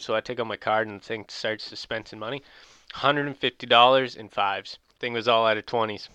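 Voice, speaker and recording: Bright, clear-voiced young man rambling. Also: lowish voice, little pitch movement, fairly quick, dry recording, muffled recording. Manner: rambling, profane storytelling, loud bursts when amused. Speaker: podcast host. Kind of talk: casual chat.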